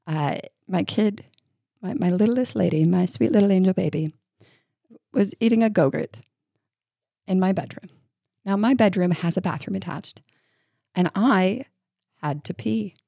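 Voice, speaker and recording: Chatty mom telling a story, dry sound. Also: female voice, on the low side, a little slow, vocal fry, long pauses, slightly rough, no echo. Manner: animated storyteller, laughing often. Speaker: podcast co-host and mother. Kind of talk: casual chat and read ad.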